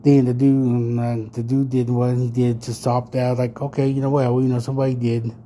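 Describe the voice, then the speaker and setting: A man in his thirties telling a story on his podcast in a casual rant. He swears constantly, rambles with lots of fillers and turns loud and heated when he gets worked up. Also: medium pitch, flat delivery, a little fast, slight background noise. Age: 30s. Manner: profane, rambling, full of fillers. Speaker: podcast host.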